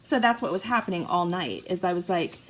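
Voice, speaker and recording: A woman's voice: on the low side, expressive, brisk, soft background music, low-quality recording. A woman in her forties, a mom chatting casually and rambling through a story while crafting at home. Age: 40s. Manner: chatty, rambling, self-mocking.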